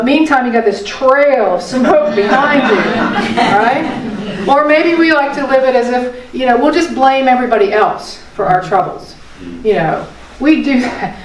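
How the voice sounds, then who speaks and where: An older woman giving a folksy, conversational spiritual talk. She repeats phrases and asks her listeners rhetorical questions. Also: on the high side. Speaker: spiritual teacher. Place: meeting room of a spiritual center. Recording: echoey room, voice from a distant mic.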